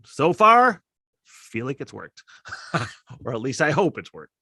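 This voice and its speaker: A middle-aged man from Michigan hosting a casual solo podcast, rambling and swearing, getting worked up and loud at times. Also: medium pitch, sing-song, unhurried, gravelly, slightly rough, no echo, studio quality. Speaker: podcast host.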